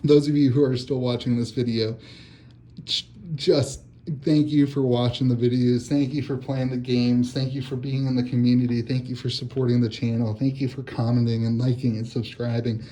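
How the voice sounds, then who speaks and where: A man hosting a card-opening vlog at his kitchen table, excitable and laughing as he talks. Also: mid-range voice, normal speed. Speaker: card channel host. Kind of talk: casual box-opening vlog.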